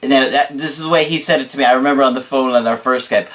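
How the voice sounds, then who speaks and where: A man's voice: medium pitch, steady tone, fast, few pauses, fairly bright tone. Guy coaching on relationships, casual chat to camera, keeps laughing. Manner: chatty, laughs often, frequent tag questions.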